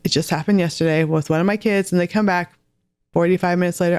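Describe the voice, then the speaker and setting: A woman's voice: lowish voice, fairly even intonation, fast talker, darkish tone, clear, resonant tone, no room sound. A woman in her forties, a guest author and homeschool mom, chatting earnestly in a podcast interview with light laughs.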